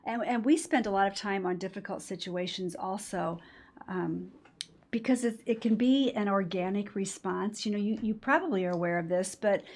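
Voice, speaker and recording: A woman's voice: mid-range voice, normal speed, darkish tone. A woman speaks in an interview as a workshop trainer. She explains her points with emphasis and acts out examples as she goes. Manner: emphatic, explanatory, with quoted voices. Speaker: patient-experience trainer. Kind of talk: interview conversation.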